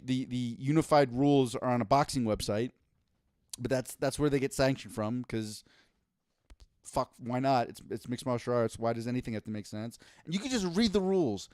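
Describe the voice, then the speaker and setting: A man's voice: medium pitch, a little mellow, no echo, clean studio sound. A man co-hosting a casual podcast, ranting with exasperation and lots of swearing. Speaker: podcast co-host.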